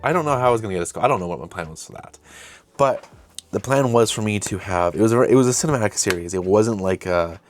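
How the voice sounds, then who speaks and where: A man's voice: on the low side, expressive, fast talker, soft background music. A young man hosting his own channel, casually recounting an old project in a rambling, self-correcting way. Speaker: host. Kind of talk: casual retrospective chat.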